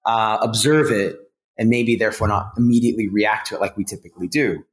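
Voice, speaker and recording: A man's voice: fairly low pitch, brisk. A man hosting an interview podcast, talking in a loose, reflective way. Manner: loose, many fillers and restarts, reflective. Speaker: podcast host. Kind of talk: interview conversation. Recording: roomy echo.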